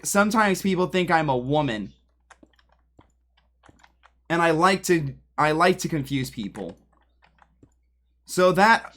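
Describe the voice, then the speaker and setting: A man's voice: a little high, a bit bright. A man livestreaming from a home room, rambling and joking straight to his chat, sometimes drifting away from his desk mic. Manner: drifts away from the mic while moving around.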